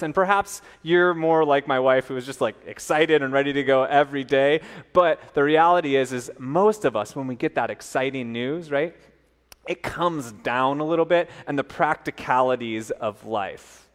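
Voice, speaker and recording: A man preaching a sermon, telling a personal story in an animated way and acting out the voices of the people in it. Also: a little high, moderate pace, big-room sound. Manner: animated, quoting others in lively voices. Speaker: pastor.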